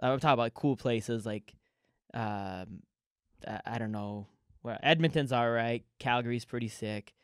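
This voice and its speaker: A man's voice: mid-range voice, unhurried, a bit bright, smooth, dry recording, studio quality. A man, a comedian and podcast guest, telling casual stories full of swearing and laughter, acting out both sides of conversations. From Canada. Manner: profane, laughing, acts out both sides of dialogue. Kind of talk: casual storytelling chat.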